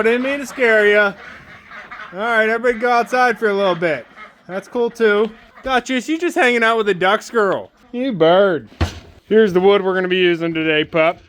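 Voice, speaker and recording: A man's voice: high-pitched, a bit bright, slight background noise. A man narrating a casual homestead vlog outdoors in the snow, talking to his animals in a fond sing-song voice. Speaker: homesteader vlogger. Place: outdoors on a snowy farm.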